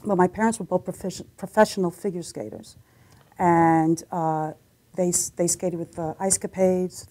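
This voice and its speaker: This guest is a middle-aged American singer and chatty storyteller who acts out characters' voices while sharing anecdotes in a casual interview. Her fairly low voice is mellow and steady, at a moderate pace.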